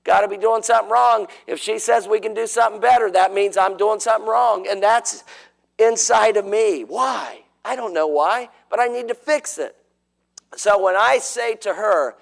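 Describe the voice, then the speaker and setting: A pastor, middle-aged, preaching in a high, gravelly voice. He tells folksy stories and acts out little bits of dialogue as he talks about marriage. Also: moderate pace, low-quality recording. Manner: folksy storytelling with acted-out dialogue. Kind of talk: sermon on marriage, with his wife.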